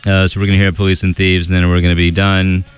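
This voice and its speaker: A man hosting a radio show, chatting casually between songs with a relaxed, rambling delivery and many fillers into a studio microphone. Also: low-pitched, fast talker, clear, resonant tone, soft background music.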